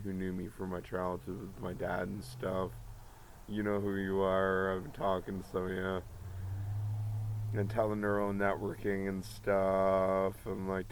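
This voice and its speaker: Deep creaky-voiced guy rambling to the camera, swearing, hopping topics. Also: a little hiss or hum, rough recording. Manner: rambling, profane, jumps between topics. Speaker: vlogger.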